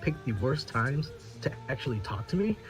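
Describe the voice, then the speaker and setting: A man's voice: medium pitch, very animated, normal speed, over music. A man on a podcast, telling a story in casual chat, often laughing and swearing, with many restarts. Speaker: podcast regular.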